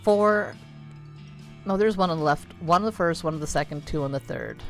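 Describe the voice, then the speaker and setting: A woman's voice: lowish voice, normal speed, soft background music. A woman in her thirties chatting casually while playing a video game, rambling with lots of fillers and easy swearing. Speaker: streamer.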